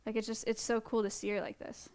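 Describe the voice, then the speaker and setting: A young woman chats casually on a live stream, gushing with affection as she shows off a small creature. Her voice sits a little high, and her talk is loose and full of fillers. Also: flat delivery, quick pace, darkish tone. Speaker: streamer showing sanctuary animals. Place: indoor animal sanctuary room.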